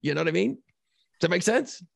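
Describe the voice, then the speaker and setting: A man's voice: sits high, lively intonation, fast talker, vocal fry, dry recording, studio quality. A man chatting casually as a podcast co-host, reflective and profane, often checking in with the listener. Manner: reflective, profane, asks "you know what I mean".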